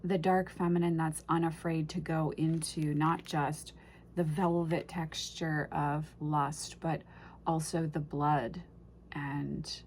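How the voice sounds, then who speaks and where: A woman's voice: sits low, flat delivery, slow, darkish tone, a little hiss or hum. A woman casually unboxing and reviewing an oracle deck, gushing and emotional, often trailing off and restarting her sentences.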